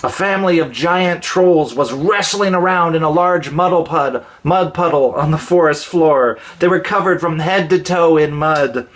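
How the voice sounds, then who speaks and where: Man, storyteller, gentle expressive read-aloud, slightly high voice, children's story. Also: moderate pace, few pauses.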